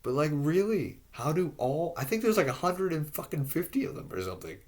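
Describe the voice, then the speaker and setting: A man's voice: big pitch swings, brisk. Profane, exasperated man ranting solo. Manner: profane, exasperated, repeats rhetorical questions; voice rises and gets louder in bursts, then drops low and soft. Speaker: vlogger. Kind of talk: ranting monologue to camera.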